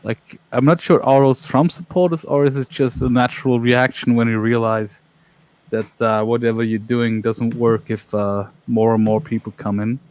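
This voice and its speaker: A man co-hosting a casual stream in a rambling, mocking way. His mid-pitched voice comes through a dull, muffled mic with a dry, close sound. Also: little pitch movement, moderate pace, darkish tone, no room sound. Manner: rambling, mocking, reads out chat questions. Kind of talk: casual political chat.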